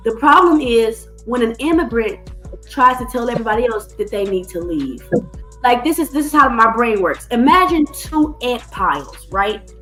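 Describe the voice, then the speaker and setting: A woman's voice: a little high, fairly bright tone. A woman hosting a heated live-stream debate, blunt and profane, cutting in often. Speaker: stream host.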